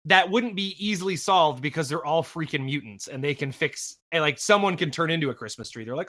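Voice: mid-range voice, expressive, brisk, hardly any pauses, a bit bright. A podcast host in casual banter, playful and prone to interrupting. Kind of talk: casual chat.

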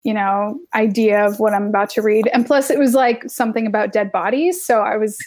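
A young woman on a podcast, chatting casually, heavy on filler words and quick to laugh. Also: medium pitch, steady tone, a little mellow. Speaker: podcast co-host. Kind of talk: casual chat.

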